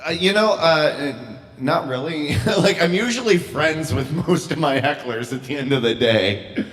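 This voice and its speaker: A man's voice: fairly high pitch, measured pace, a bit bright. A man joins a group of comics, joking and laughing as he talks. The room is roomy and echoing, and a long reverb trails his voice. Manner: jokey, chimes in, laughs often. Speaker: comedian. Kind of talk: casual group chat.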